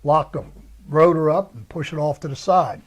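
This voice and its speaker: An older American man recounts his years in the service at an easy, rambling pace. His voice sits a little high, and he slips into other people's voices whenever he quotes them, giving his talk the feel of an oral history interview. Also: fairly quick. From United States. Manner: rambling storyteller acting out quoted dialogue. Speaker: interviewee, Marine veteran.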